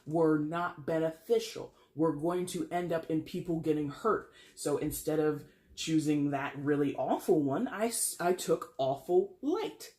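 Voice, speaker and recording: A tarot reader talking through a casual reading in a blunt, emphatic way. The voice jumps up high to stress a point, and the speaker laughs often and swears casually. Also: measured pace, hardly any pauses. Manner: animated, leaps in pitch for emphasis.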